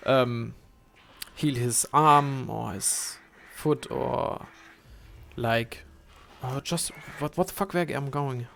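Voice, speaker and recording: Young male streamer, halting, filler-heavy, mid pitch, faint background hiss. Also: vocal fry, fairly bright tone. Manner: rambling, halting, many fillers and restarts, swears. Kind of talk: casual gameplay commentary.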